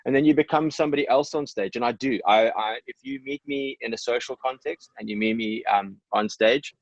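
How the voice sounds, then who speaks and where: A South African musician speaks candidly as a podcast guest, his low voice gravelly. He pauses on ums and restarts as he thinks aloud. The sound is dry and a little dull. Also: no echo. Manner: reflective, halting, many ums and restarts. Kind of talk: candid podcast interview talk.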